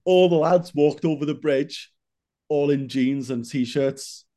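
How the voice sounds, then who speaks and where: A young man, a fitness coach co-hosting a casual chat, swearing freely as he tells an animated story. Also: a little high, slow. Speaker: fitness coach, podcast co-host.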